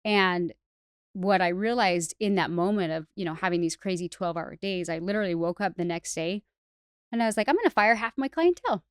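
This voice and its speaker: A woman's voice: lowish voice, expressive, a little fast, smooth, no echo, clean studio sound. A woman guest on a podcast, telling her personal story candidly in a chatty way, with lots of "like" fillers and restarts. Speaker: podcast guest, hairstylist educator.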